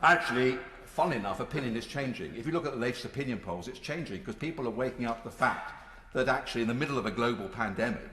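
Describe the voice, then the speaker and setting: A man's voice: medium pitch, animated, fast, fairly bright tone. Older man orating in an echoey chamber. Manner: emphatic, rhetorical, dryly sarcastic. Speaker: member of parliament. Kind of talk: parliamentary debate speech. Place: large debating chamber. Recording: echoey chamber with long reverb.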